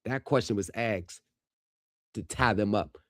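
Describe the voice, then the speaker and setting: A man live-streaming reactions to court footage, talking straight to his viewers and shouting at the screen. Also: lowish voice, a little slow, no echo, studio quality. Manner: heated, yells at the screen; addresses viewers directly.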